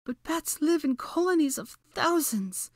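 A fretful young witch who can't help lecturing, put on by a woman reading a story aloud. Her voice is pitched up from the reader's own and sounds dry and close. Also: expressive, normal speed, a little mellow, no echo. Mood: scared. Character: anxious know-it-all young witch. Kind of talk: audiobook character voice.

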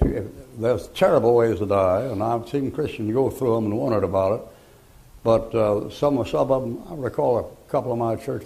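An older preacher with a drawl delivers a sermon in a gravelly, creaky voice. He tells homely stories, then breaks into loud, emphatic preaching. His pitch sits in the middle range for a man. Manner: folksy storytelling with sudden loud preaching bursts.

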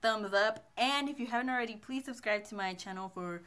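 Bright, giggly young woman vlogger. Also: on the high side, fairly quick, slight background noise. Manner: chatty, giggly, animated retelling. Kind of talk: casual storytime.

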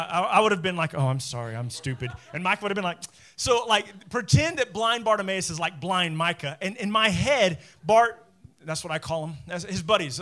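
A young adult male pastor preaching a sermon, telling a Bible story with jokes, asides and little acted-out voices. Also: high voice. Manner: animated, jokey storytelling preacher.

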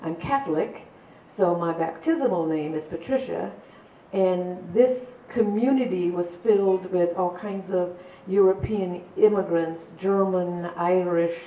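A woman's voice: lowish voice, a little hiss or hum. An older woman from San Antonio, Texas, telling community history to an audience in a chatty, rambling way with laughs and restarts. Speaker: community speaker. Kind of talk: storytelling talk to an audience. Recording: echoey, distant, dull room recording.

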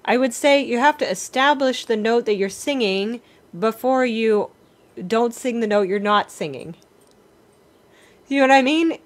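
A woman leading an online singing workshop, explaining and singing short phrases as examples in an encouraging way. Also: a little high. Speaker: singing teacher. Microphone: video call.

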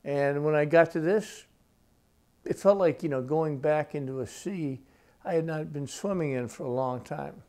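An older man in his sixties tells stories at an unhurried, reflective pace. His voice is gravelly, with a mellow, dark tone, and his speech sits a little high for a man. He is an author being interviewed in his own home. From United States. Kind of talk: relaxed storytelling in interview.

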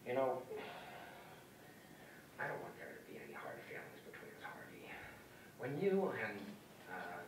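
A menacing clown villain drawls softly and mockingly, his low voice swooping in a sing-song way. It sounds like a film clip played on speakers in a big echoey room, heard from far off. Steady hiss sits underneath. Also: moderate pace, pauses often. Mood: taunting. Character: menacing scarred male clown villain, taunting.

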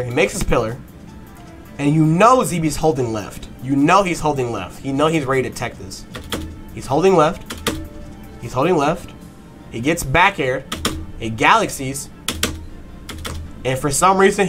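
A man giving a fast, excited play-by-play breakdown of a fighting game match, swearing and breaking into excited bursts. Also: a little high, over music. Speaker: match analyst.

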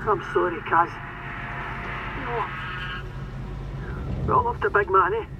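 An actor playing a rig worker talking over the radio, urgent and consoling, swearing bluntly. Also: male voice, sits high, takes it slowly, muffled recording, background noise. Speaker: game character. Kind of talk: video game voice acting.

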